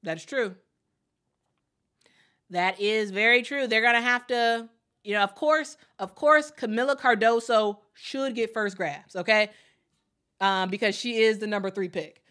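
A woman hosting a casual live watch party, chatty and excitable, often repeating her phrases and reading viewer comments aloud. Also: a little high, unhurried, long pauses. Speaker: host of a draft watch party stream.

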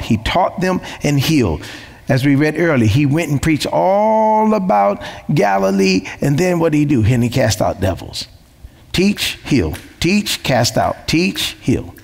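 A man's voice: on the high side, creaky, husky, in a large hall. A man preaching a sermon as pastor, emphatic, repeating phrases and asking rhetorical questions.

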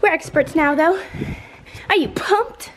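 A woman's voice: very high voice, unhurried, slight background noise. A young woman and college student chatting in a bubbly, giggly way for her vlog. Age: young adult. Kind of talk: casual vlog chat.

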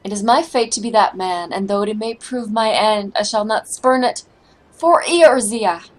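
A woman's voice: mid-range voice, a little slow, close to an everyday voice, rough recording. A woman doing a pompous grandiose inspector. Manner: grandiloquent, old-fashioned formal speech. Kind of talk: reading game dialogue aloud.

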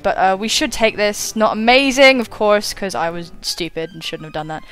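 A woman's voice: medium pitch, lively intonation, normal speed, a bit bright, smooth, faint music behind. A young woman giving casual, chatty commentary on a game battle, swearing and mocking her own moves. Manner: chatty, self-mocking, swears and laughs often. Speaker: gaming YouTuber.

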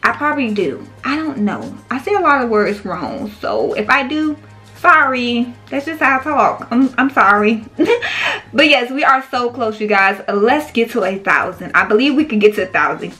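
Chatty bright-voiced woman vlogger. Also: fairly high pitch, big pitch swings, normal speed, soft background music. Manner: chatty, talks straight to viewers, frequent "y'all" and "baby". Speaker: small business owner and vlogger. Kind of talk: casual chat to viewers.

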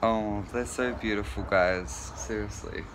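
A woman's voice: very deep voice, steady tone, measured pace, noisy background. A woman vlogging at an animal shelter, cooing at the dogs in baby talk. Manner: cooing, affectionate. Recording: loud barking in background.

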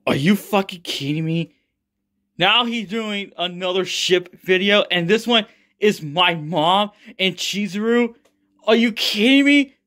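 A man's voice: high voice, exaggerated voice. Kazuya, a man playing a furious ranting father. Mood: outraged. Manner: shouting, swearing, ranting. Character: furious vengeful father, middle-aged man, hot-tempered.

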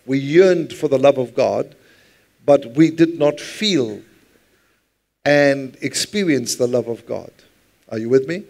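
Man preaching in a relaxed, conversational way. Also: mid-range voice, slow, vocal fry, pauses often. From South Africa. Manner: conversational preaching, repeats words, calls for congregation responses. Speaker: pastor. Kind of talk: sermon. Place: church.

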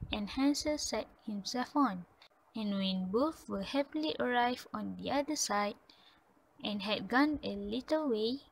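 A woman reading the end of a fairy tale aloud, unhurried, with occasional slips. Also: mid-range voice, a bit bright, rough recording. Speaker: storyteller.

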